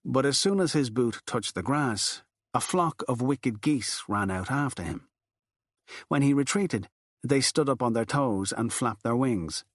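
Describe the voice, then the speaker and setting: A man narrates a novel in a steady, measured reading. His voice sits at a middling pitch. The recording is dry and close, with no room sound. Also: no echo. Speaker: audiobook narrator. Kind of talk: scripted narration.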